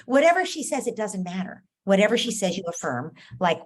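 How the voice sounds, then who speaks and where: A middle-aged woman coaching a parent, gentle and patient, often acting out the child's and parent's lines herself. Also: medium pitch, lively intonation, moderate pace, hardly any pauses.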